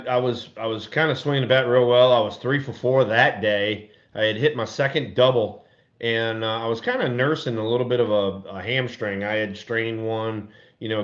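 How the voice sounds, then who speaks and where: Older man, former ballplayer, animated storyteller, dull lo-fi sound. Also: fairly low pitch, moderate pace. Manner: animated, acts out quotes in a raised voice. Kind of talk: casual podcast storytelling. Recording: dull lo-fi audio.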